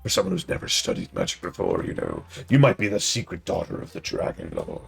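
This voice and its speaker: A man voicing a calm, composed woman office worker, reading game dialogue aloud on a stream with a creaky, gravelly put-on voice and a wry, teasing manner. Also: low-pitched, fast, soft background music, full character voice.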